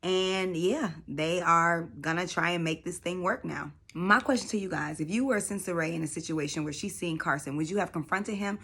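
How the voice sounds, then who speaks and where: Woman, bright voice, casual show recap, slangy, profane, animated. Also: fairly low pitch, normal speed, hardly any pauses, slightly rough. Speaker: reality show recap host.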